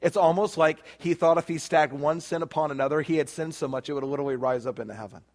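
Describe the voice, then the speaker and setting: A man's voice: on the high side, steady tone, quick pace, a little mellow. A man preaching a sermon, emphatic, acting out quoted prayers in a rising voice. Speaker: pastor.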